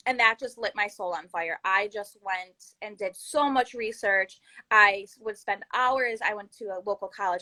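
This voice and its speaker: A woman in her thirties with a bright, forceful voice tells her own story as a podcast guest. She speaks earnestly and with feeling, and she acts out what others said to her. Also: medium pitch, poor audio. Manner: earnest, animated storytelling with acted-out quotes. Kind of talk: candid personal story in a podcast interview.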